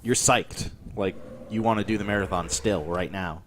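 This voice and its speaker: Man, lower voice, matter-of-fact game explainer on a stream call, faint hiss. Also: normal speed. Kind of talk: casual chat explaining a card game.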